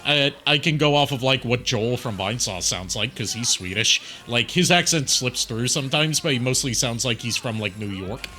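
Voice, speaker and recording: A man's voice: mid-range voice, lively intonation, moderate pace, few pauses, sharp tone. A man hosting a game stream, chatting casually and easygoing while reading viewer comments. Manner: easygoing, reads out chat comments. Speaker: streamer host. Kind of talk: casual gaming chat.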